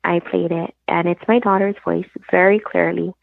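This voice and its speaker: On a tinny, dry phone call, a female guest with a voice on the low side and vocal fry speaks at normal speed with fairly even intonation. She tells her own story earnestly, walking through each conversation along the way.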